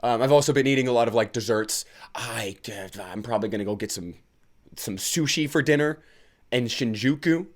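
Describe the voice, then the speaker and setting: A man's voice: mid-range voice, a little fast. A man hosting a casual solo podcast, tired and rambling, cracking self-mocking jokes and laughing at them. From United States. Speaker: podcast host.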